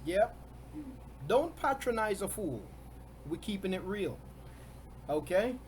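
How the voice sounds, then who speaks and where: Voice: mid-range voice, sing-song, slow pace, a little mellow, a little hiss or hum. A preacher giving a sermon, stressing points by repeating key words and often chuckling between them.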